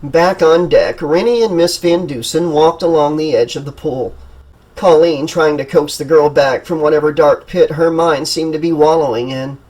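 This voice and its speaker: A man narrating a horror audiobook in a steady, dramatic storytelling manner. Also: on the high side, normal speed, low-quality recording. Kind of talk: scripted narration.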